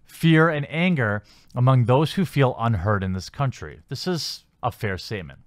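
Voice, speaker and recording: A man's voice: medium pitch, lively intonation, moderate pace, no room sound. Sarcastic man, dry close mic. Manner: sarcastic, skeptical, frequent fillers. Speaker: commentary channel host. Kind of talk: casual commentary reading news articles.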